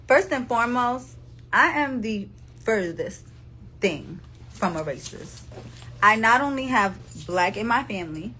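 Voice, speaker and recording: A woman's voice: mid-range voice, fairly bright tone, slight background noise. A woman in her thirties with a New Jersey accent, speaking straight to her followers on a phone livestream in an emphatic, repetitive, profane way. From New Jersey, USA. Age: 30s. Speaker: live streamer addressing followers. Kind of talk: casual livestream monologue.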